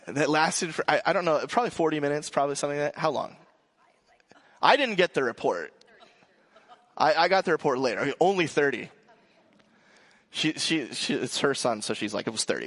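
A male pastor in his thirties giving a sermon, joking and telling a lively family story. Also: on the high side, slightly rough.

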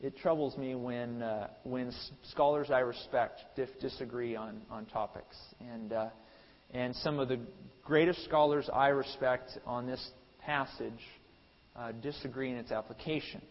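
Emphatic preacher in a reverberant hall. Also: male voice, medium pitch, fairly even intonation, a little slow. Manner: builds to emphatic, louder peaks, then drops to quiet asides; frequent restarts and hesitations. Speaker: pastor. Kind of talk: sermon. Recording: long hall reverb, dull lo-fi sound.

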